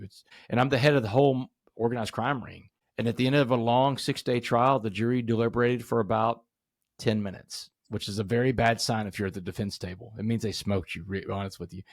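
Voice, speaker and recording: A man's voice: fairly low pitch, no echo, clean studio sound. A middle-aged man from Southeast Texas, a podcast guest telling a vivid personal story in earnest, full of quoted dialogue.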